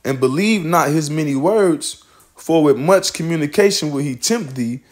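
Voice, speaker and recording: A man's voice: a little high, expressive, moderate pace. A man teaching scripture in a loose, casual way, swearing and laughing often as he reads verses aloud.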